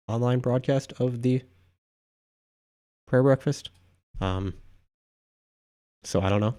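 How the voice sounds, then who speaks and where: Low gravelly man chatting offhand. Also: dark tone. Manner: rambling, offhand, with frequent asides. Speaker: livestream host. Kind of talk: casual live-stream chat reading viewer comments.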